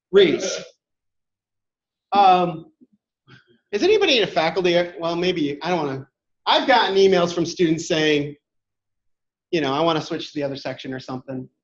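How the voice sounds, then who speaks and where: Leading an interactive classroom workshop, a man talks conversationally and takes questions from the room. He has a high, animated voice at normal speed with frequent pauses, captured in an echoey room with dull, lo-fi sound.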